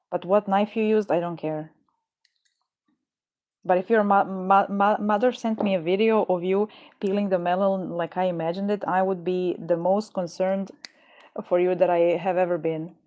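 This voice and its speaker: A woman streamer with a lowish, warm voice chats and jokes casually with her viewers on a live stream, rambling and stumbling over her words. She's on a headset or desk mic, and the highs are cut off.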